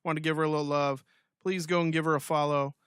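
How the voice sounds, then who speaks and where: A man co-hosting a podcast in casual banter, upbeat as he plugs merch and gives listener shout-outs. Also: fairly high pitch, little pitch movement, quick pace, clear, resonant tone, no echo, studio quality. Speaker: podcast co-host.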